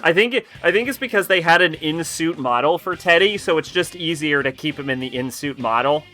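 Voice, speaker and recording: A man's voice: fairly high pitch, a little fast, pushed and bright, faint music behind. Chatty joking male game streamer. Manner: chatty, joking, swears casually. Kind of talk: casual gameplay commentary.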